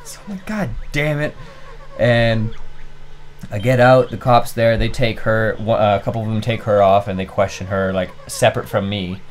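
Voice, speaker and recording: A young man co-hosting a casual let's play tells a long, animated anecdote over the gameplay, swearing freely throughout. His voice is on the low side and his pace moderate.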